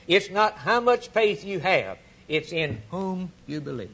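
A man's voice: fairly high pitch, big pitch swings, unhurried, few pauses, a bit bright, breathy edge. A man preaching a sermon, emphatic and dramatic, repeating key lines for effect.

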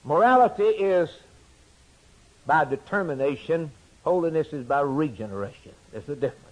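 A man preaching a sermon, swinging between loud emphatic declarations and hushed, quiet asides. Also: a little high, lively intonation, moderate pace, rough recording.

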